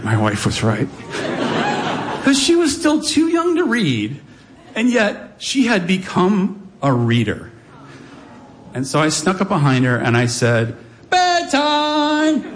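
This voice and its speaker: A man's voice: on the high side, a little hiss or hum. A man in his forties telling a wry, self-deprecating story on stage to a live audience. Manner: wry, self-deprecating, animated delivery with playful voices.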